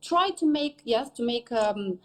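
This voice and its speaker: Woman, English teacher, fairly high voice, animated, casual interview, keeps asking "yes?". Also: unhurried, low-quality recording. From native English speaker living in Turkey. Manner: animated, ends points with a checking "yes?".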